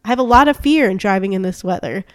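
A young woman chatting casually as a podcast co-host, telling stories with lively acted-out quotes. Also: mid-range voice, fast, no room sound, clean studio sound. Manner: animated storyteller, acts out quotes. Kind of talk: casual chat.

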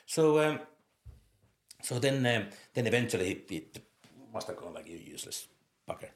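With a mid-range voice and moderate pace, a Finnish man in his fifties, a former footballer with a Finnish accent, shares lively anecdotes in an interview while laughing. The sound carries a roomy echo.

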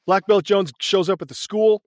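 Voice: medium pitch, steady tone, moderate pace, a little mellow, dry recording, studio quality. A podcast co-host retelling a movie scene by scene in casual chat. They laugh constantly and swear freely.

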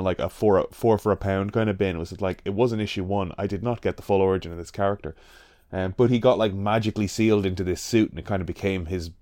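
Low-voiced Irish man telling stories, dry mic. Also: a little mellow, no room sound. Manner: nostalgic storyteller, swears casually. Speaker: podcast co-host. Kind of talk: casual chat.

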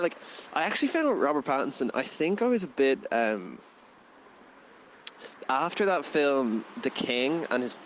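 A young man in his twenties talks casually about films, circling his points with plenty of "like" and small laughs. His voice sits in a middle pitch, and faint background noise runs under the recording. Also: poor audio. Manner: rambling, full of "like" fillers, laughs often. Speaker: podcast co-host, film reviewer. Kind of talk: casual film review chat.

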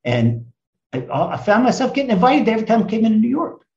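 A man in his seventies from the United States, a rabbi telling stories emphatically in a conversation, swinging from loud to hushed. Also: high voice, very animated, fast talker, creaky, roomy sound, highs cut off. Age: 70s. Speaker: rabbi and guest speaker. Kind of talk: animated storytelling in conversation.

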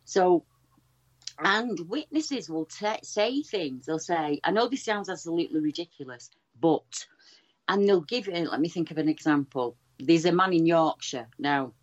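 A woman, a guest researcher retelling stories in a chatty, animated way with many restarts. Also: lowish voice, measured pace, lo-fi sound. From England. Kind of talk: casual storytelling over a call.

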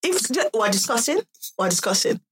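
A woman's voice: a little high, big pitch swings, fairly quick, a little hiss or hum. A woman co-hosting a casual podcast chat, telling a story expressively and acting out the scene. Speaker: podcast co-host.

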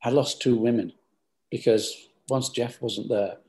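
An older man telling stories from his business life in an interview. His voice is gravelly and worn at the edges. He rambles, stops and restarts his sentences as he feels his way back through the past. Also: mid-range voice, steady tone, unhurried, a little mellow. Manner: rambling, hesitant, many restarts. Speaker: business founder. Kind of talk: storytelling interview answers.

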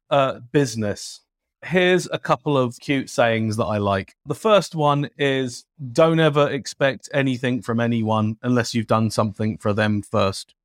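A man, an energetic, talkative guest on an interview show. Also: dry recording, studio quality. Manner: energetic, talkative, jumps up in pitch. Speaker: guest, travel points expert. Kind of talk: lively interview talk.

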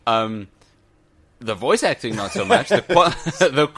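Bright-voiced man joking about old games. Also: mid-range voice, sing-song, a little slow, slightly rough. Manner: joking, chuckling, repeats short phrases. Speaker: podcast co-host. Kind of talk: casual chat about a retro video game.

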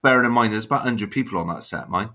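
A man's voice: fairly low pitch, very fast, pushed and bright. A man in his fifties with a Bristolian accent, a blunt, chatty interview guest who laughs and swears easily. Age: 50s. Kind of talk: casual interview chat.

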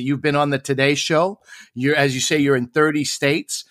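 A man's voice: a little high, steady tone, fairly quick, fairly bright tone, no room sound, studio quality. A man co-hosting a casual podcast chat, a comedian who slips into jokey, playfully mocking asides.

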